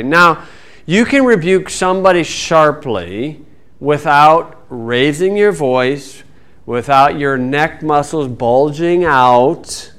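A middle-aged man teaching a Bible lesson in a folksy, wry way, reading verses slowly and then speeding up. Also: a little high, fairly bright tone, smooth. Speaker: preacher.

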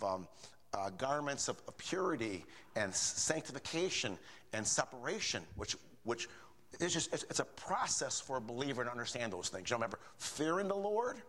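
An older man with a mid-range, slightly bright voice preaches a sermon in a folksy, repetitive style. He often poses rhetorical questions to the congregation, and the recording carries reverberant hall sound.

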